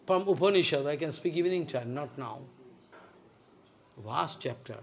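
A man giving a devotional lecture as a spiritual teacher, emphatic and scolding, swinging between loud outbursts and hushed asides. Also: high voice, animated, normal speed, pauses often.

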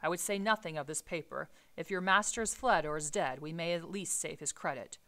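A woman voicing a solemn, cautious middle-aged male lawyer in a read-aloud novel, with earnest, measured delivery. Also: sits low, a bit bright. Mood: grave, urgent.

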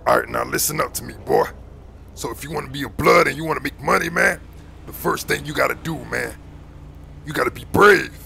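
Man doing a gravelly bossy gang recruiter. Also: mid-range voice, brisk, pushed and bright, a little hiss or hum. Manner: bossy, slangy, calls everyone boy and man.

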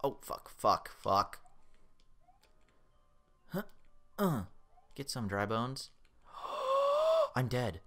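Excitable young man gaming, bright voice. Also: medium pitch, slow, long pauses. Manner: excitable, swears a lot, self-mocking. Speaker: let's play gamer. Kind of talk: casual gameplay commentary.

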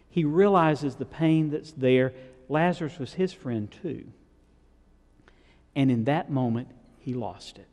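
A man's voice: a little high, dark tone. Man preaching in a reverberant church. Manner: retells scripture conversationally, asking the congregation questions. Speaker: pastor. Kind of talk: sermon. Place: church sanctuary.

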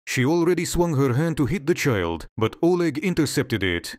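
Male storybook narrator, steady delivery, dry booth sound. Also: on the high side, moderate pace, no room sound.

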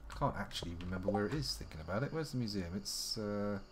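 A man's voice: fairly low pitch, lively intonation, fast talker, slight background noise. A man giving casual, wry live gameplay commentary, chatting to himself as he plays. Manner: chatty, wry, talks to himself while playing. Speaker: game streamer.

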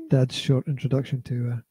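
Reviewing a VR game in easygoing conversation, a middle-aged father on a podcast co-hosting duty rambles and repeats himself, filling gaps with hesitant sounds. His mid-range voice is mellow and slightly rough, and there's no echo.

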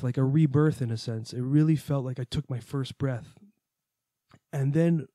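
A man's voice: mid-range voice, dark tone, no room sound, clean studio sound. A man hosting a podcast, recounting a personal experience in an earnest, reflective way, with the odd curse. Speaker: podcast host. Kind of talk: personal storytelling monologue.

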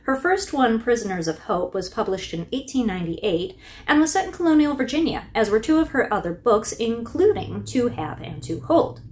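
Lively chatty woman reviewing books. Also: on the high side, moderate pace. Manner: chatty with wry asides and laughs. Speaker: book review host. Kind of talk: casual book review narration.

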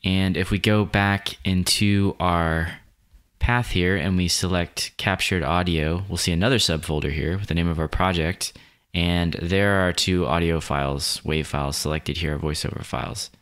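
A man talking through a software tutorial step by step, relaxed and explanatory, as a voice-over. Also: low voice, normal speed, clean tone. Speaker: video editing tutorial host. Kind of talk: screen-recorded software tutorial.

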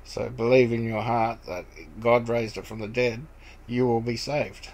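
A man giving an informal Bible teaching. He reads scripture aloud, then explains it in a rambling, halting way, with many fillers and restarts. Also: medium pitch, little pitch movement, darkish tone, slight background noise, rough recording. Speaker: preacher.

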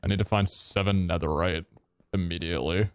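A man's voice: low voice, fairly even intonation, brisk, a little hiss or hum. A man hosting a gaming video, bantering and teasing his friends in casual chat.

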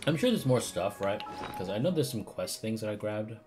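A man streaming a game, chatting casually and cursing as he reacts. His voice is low but lively, rising and dipping a lot. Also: brisk, over music. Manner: casual, swears freely, laughs often. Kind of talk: casual gaming commentary.

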